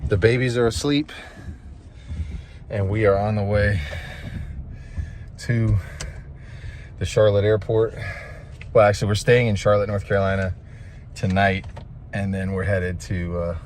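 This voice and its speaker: A man in his thirties chatting through a vlog on his handheld phone, talking in a loose, storytelling way. His voice sits on the low side. Steady background noise, often from a car, runs under his talk. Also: a little slow, long pauses. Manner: chatty storyteller who acts out quotes. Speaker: vlogger. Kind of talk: casual vlog chat. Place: on the go: home, car, airport lounge.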